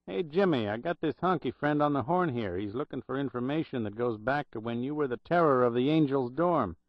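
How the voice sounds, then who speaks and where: A man's voice: medium pitch, lively intonation, a little fast, dry recording, voice pushed up, natural voice. A man voicing a slangy, jaunty young records clerk in an audiobook, on a dull, dry recording. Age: young adult.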